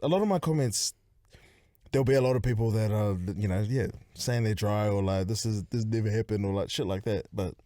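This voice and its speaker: A man's voice: fairly low pitch, brisk, mellow, dry recording, studio quality. A man, a podcast guest chatting casually, laid-back and calling people "bro". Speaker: podcast guest, content creator. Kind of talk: casual chat.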